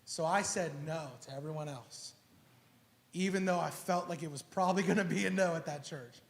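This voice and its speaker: A man preaching a sermon, telling a personal story in an animated, casual way full of slang and acted-out dialogue. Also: on the high side, fairly quick, creaky. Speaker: pastor. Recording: echoey church hall.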